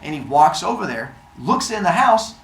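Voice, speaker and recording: Playful man retelling a myth, lively voice. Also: on the high side, moderate pace, roomy sound, a little hiss or hum. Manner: playful, with silly sound effects. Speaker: storyteller. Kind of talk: casual comic retelling of a myth.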